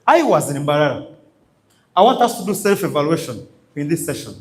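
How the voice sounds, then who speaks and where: A man's voice: a little high, big pitch swings, a little fast. A man with a Ugandan accent giving a motivational business training talk, emphatic and repetitive, calling out questions for the audience to answer. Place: training session before a live audience.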